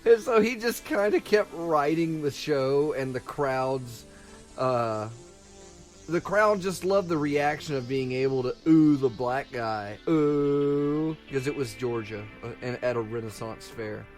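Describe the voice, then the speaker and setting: A man's voice: mid-range voice, a little slow, faint music behind. A man co-hosting a casual comedy podcast, telling a long rambling story and slipping into silly voices. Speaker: podcast co-host.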